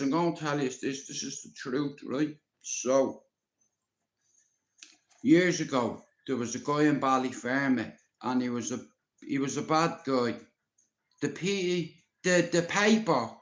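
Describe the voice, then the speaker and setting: A man with a Dublin Irish accent and a high voice spins a rambling story for his livestream viewers, swearing freely and talking right at them. He sounds blunt and unpolished. The sound bounces around an echoey room. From Ireland. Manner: profane, blunt, talks directly to viewers. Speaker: livestream host. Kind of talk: rambling storytelling to a live audience.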